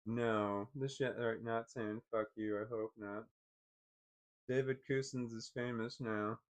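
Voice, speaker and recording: Speaking at a medium pitch in a steady tone, a man on a live stream works out what he sees aloud, pausing haltingly and repeating himself often.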